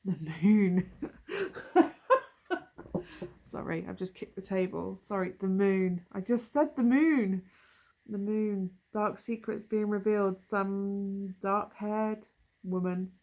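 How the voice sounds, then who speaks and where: A woman's voice: medium pitch, fairly even intonation, takes it slowly, darkish tone. A woman doing a casual tarot reading, musing and thinking aloud as she turns over cards, with trailing asides. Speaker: tarot reader.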